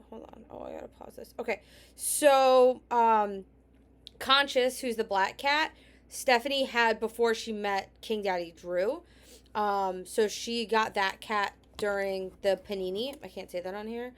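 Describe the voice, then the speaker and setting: A woman's voice: mid-range voice, a little hiss or hum. A woman hosting a reaction commentary, sarcastic and scolding, often dropping to a near whisper. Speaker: commentary host.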